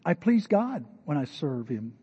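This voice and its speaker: A man's voice: on the high side, big pitch swings, a little slow, warm tone, breathy edge. An older man preaching a sermon in a conversational, storytelling way, addressing a church congregation. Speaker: pastor. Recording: dull lo-fi recording with long hall reverb.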